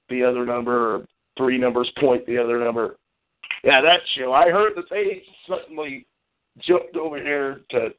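Brash, boastful man on a tinny line. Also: medium pitch. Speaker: call-in show host. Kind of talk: solo call-in radio monologue. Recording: phone-like lo-fi call-in audio.

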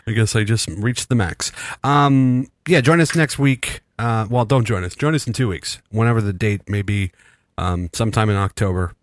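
Raspy male podcast host, low-ish voice, dry close mic, rambling self-deprecating sign-off. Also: normal speed, dry recording. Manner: rambling, self-mocking, laughs often. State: raspy, rattling chest from illness. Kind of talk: casual podcast sign-off chat.

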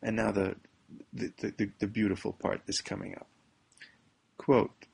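A man's voice: fairly low pitch, level tone, moderate pace, vocal fry, long pauses, a little mellow, breathy edge. A man reading a news article aloud and picking it apart sarcastically, often breaking into laughter. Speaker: commentator.

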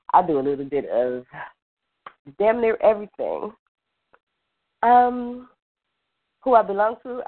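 Woman psychic guest, playful, lower voice, tinny phone line. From Los Angeles, California. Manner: playful, laughing, lively. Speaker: intuitive reader, guest. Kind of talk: casual call-in radio chat.

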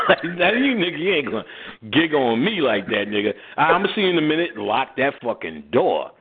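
This radio host speaks briskly in a mid-range voice, telling an animated story packed with slang and laughter while imitating the characters. The sound is thin and phone-like, with clear noise.

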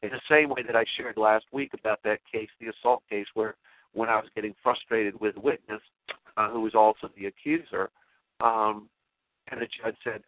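Excitable man on a tinny phone line. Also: fairly low pitch, normal speed, no room sound. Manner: excitable and emotional, with many restarts. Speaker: talk show host. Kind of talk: rambling spoken monologue.

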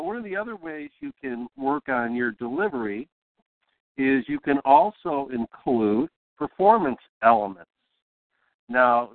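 A man hosting a show, giving a casual broadcasting lesson in a relaxed, rambling way with lots of fillers. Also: mid-range voice, no room sound. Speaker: podcast host teaching broadcasting. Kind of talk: casual instructional talk. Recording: tinny phone-like, dry.

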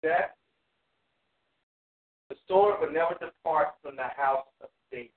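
A man teaching a Bible study over a tinny, phone-like call line, his voice a little higher than most men's. He reads scripture in a slow, measured cadence, then breaks it down casually with fillers. The sound carries a roomy echo. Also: distant mic. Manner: reads verses in slow, measured King James phrasing, then explains plainly with fillers. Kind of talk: reading scripture aloud and explaining it.

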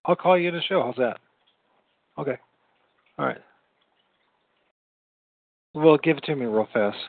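On his own podcast's late-night call-in, a man chats in a loose, rambling way, repeating himself and laughing readily. His gravelly, medium-pitched voice has lively intonation and a slightly slow pace; the dry recording sounds tinny, like a phone.

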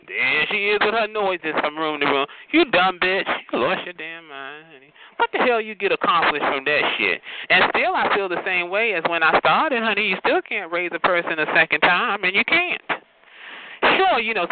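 A man calling in to a phone chat line, ranting in a sassy, profane way, peppering his talk with "honey" and "child". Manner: animated with big pitch jumps and laughs. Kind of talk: casual rant. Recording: tinny noisy phone line.

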